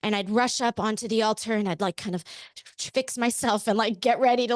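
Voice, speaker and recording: A woman's voice: a little high, a little fast, no room sound, studio quality. Candid storytelling woman from Pennsylvania. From Pennsylvania, USA. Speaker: podcast guest. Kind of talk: casual interview storytelling.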